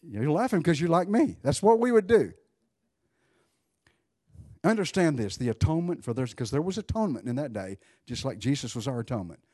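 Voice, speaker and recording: A man preaching a sermon in an animated, conversational way, swinging between loud bursts and hushed asides while joking with his congregation. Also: fairly high pitch, fairly quick, breathy edge, no room sound, studio quality. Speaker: pastor.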